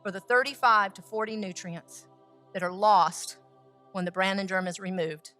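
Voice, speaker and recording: Bright, animated woman teaching about bread. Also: mid-range voice, normal speed, soft background music. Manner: animated, acts out quotes, asks rhetorical questions. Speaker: food scientist and bread teacher. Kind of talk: teaching talk with storytelling.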